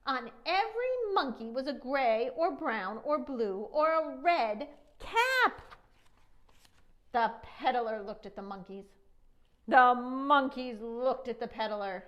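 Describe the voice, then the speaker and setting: A woman librarian reading a picture book aloud to children, expressive and asking them questions. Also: sits high, slow pace. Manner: expressive storytelling, asks young listeners questions.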